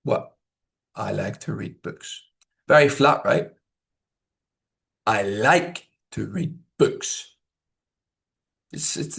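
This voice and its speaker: A man working as a language test examiner, teaching learners in a deliberate way, often checking in with "okay?" and acting out example sentences to show stress and intonation. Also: a little high, creaky. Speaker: IELTS examiner giving tips.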